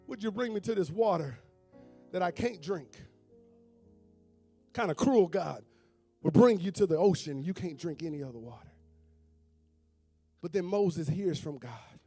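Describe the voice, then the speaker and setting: A male preacher, delivering a sermon in a church sanctuary. He calls out to the congregation and breaks into sung, whooping lines over faint instrument music. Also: extremely high pitch. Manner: call-and-response preaching with sung, whooping phrases. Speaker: pastor.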